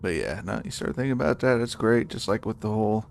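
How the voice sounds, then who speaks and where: A man's voice: on the low side, lively intonation, fast talker, creaky. A man streaming a game, chatting casually with lots of swearing and laughter. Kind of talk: casual live-stream chat.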